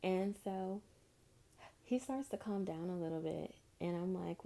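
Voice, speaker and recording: A woman's voice: on the low side, unhurried, creaky, mellow. A young woman vlogger telling a storytime tale in a chatty, exasperated way, speaking straight to her viewers. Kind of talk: storytime vlog.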